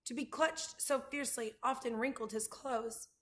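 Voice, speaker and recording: A woman's voice: on the high side, fairly even intonation, normal speed, a bit bright. Woman reading a children's book aloud. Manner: showing pictures to listeners. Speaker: reader.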